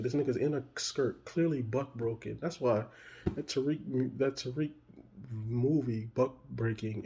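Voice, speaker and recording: A man giving a ranting commentary, agitated and profane, often restarting and repeating himself and jumping into loud outbursts. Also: medium pitch, husky. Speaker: video commentator.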